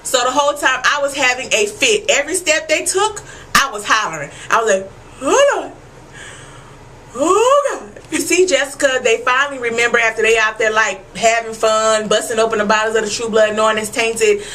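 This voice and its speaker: A woman giving an animated, profane recap of a TV episode, talking straight to her viewers. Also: fairly high pitch, a little fast, a little hiss or hum, rough recording. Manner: animated, profane and emphatic, addressing viewers as y'all. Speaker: TV episode reviewer. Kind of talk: casual TV recap vlog.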